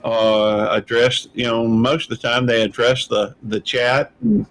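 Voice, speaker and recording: A man's voice: mid-range voice, measured pace, a bit bright, poor audio. A man hosting a casual live-stream panel chat, rambling and hesitant with many fillers and restarts. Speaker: channel host.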